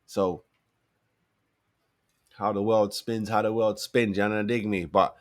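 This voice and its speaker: A young man riffs on football as a fan, casual and full of street slang. His voice sits low, and he often says a line twice to drive it home. The sound is close and dry, with no room around it. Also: little pitch movement, takes it slowly, no room sound. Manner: slangy, conversational, repeats phrases for emphasis. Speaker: football fan channel host. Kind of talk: casual fan commentary to camera.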